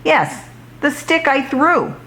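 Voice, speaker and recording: A bossy, excitable male dog from a children's storybook, as a woman reader puts him on. He calls out in a raised, high voice and gives orders. The delivery is slow. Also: full character voice. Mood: calling out.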